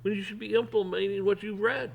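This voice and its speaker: A man's voice: sits high, little pitch movement, quick pace, gravelly, narrow, tinny audio, pitched above the performer's own voice. A man voicing an incredulous male self-help speaker who lectures a fan. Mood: exasperated.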